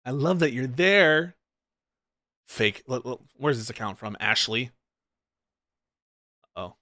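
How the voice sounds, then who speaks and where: A man's voice: expressive, takes it slowly, pushed and bright, no room sound. Sarcastic, swearing male commentator reacting on stream; mid voice, dead dry. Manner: sarcastic, profane ranting; mocks others in shrill put-on voices.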